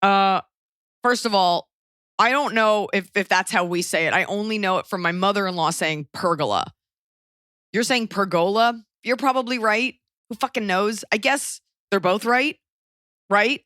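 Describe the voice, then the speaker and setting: A woman's voice: mid-range voice, normal speed, a bit bright, dry recording, clean studio sound. A woman in her thirties hosting a podcast, giving blunt, rambling, jokey advice in casual chat. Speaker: podcast host.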